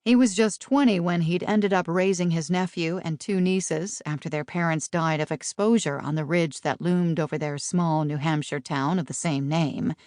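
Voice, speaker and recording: A woman narrating a novel for an audiobook in a steady, measured way, recorded close on a studio mic. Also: lowish voice, no echo.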